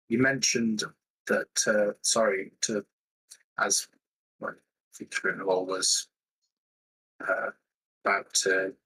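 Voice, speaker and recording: A man's voice: sits low, sharp tone, breathy edge, poor audio. A man role-playing a tabletop game character, speaking in a formal, old-fashioned way with some stumbles.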